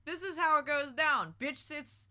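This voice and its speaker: A woman's voice: high voice, a little slow, pushed and bright. Brash, profane woman storyteller. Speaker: podcast host. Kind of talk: casual storytelling chat.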